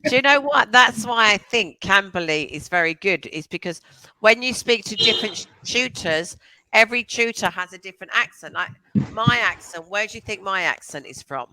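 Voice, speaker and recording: A woman's voice: medium pitch, expressive, moderate pace, sharp tone, dry recording, poor audio. A woman with a London accent chatting as an online English tutor, asking lots of questions over a video call. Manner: chatty and encouraging, asks many questions. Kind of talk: casual conversation lesson.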